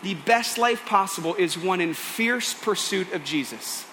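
High bright-voiced preacher, earnest and pleading. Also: male voice, expressive, measured pace, slight background noise. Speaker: pastor. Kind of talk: sermon.

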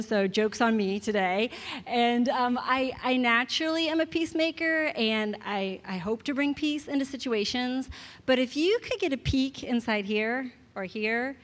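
A woman, giving a church message in a soft-spoken, self-deprecating way with hesitant restarts. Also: on the high side. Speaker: guest speaker. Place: church sanctuary. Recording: long reverb of a hall.

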